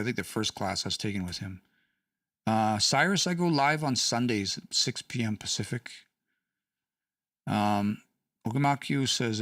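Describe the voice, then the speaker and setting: A man's voice: mid-range voice, fairly bright tone, no echo, clean studio sound, far from the mic. A man teaching language casually on a livestream, chatty, laughing and reading out chat comments.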